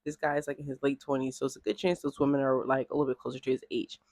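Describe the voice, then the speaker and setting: Woman vlogging, rambly n animated, says like a lot, dry close mic. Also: a bass voice, fast, no echo. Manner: chatty and animated, heavy use of "like". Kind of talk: casual commentary vlog.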